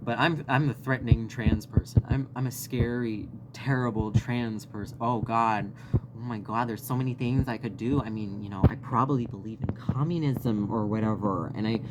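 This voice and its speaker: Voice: mid-range voice, fairly even intonation, moderate pace, very noisy. A vlogger telling a story in a casual, rambling rant, swearing often and laughing now and then. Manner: profane, rambling, frequent laughs.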